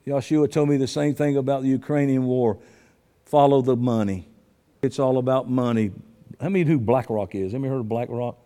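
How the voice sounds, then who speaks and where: Impassioned preacher in a reverberant hall. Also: male voice, fairly high pitch, animated, moderate pace. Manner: rambling, impassioned, rising to shouts. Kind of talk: sermon.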